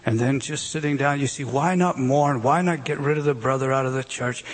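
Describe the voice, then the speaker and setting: A man's voice: mid-range voice, fairly quick. A man preaching a sermon with emphatic delivery and rhetorical questions. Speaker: pastor.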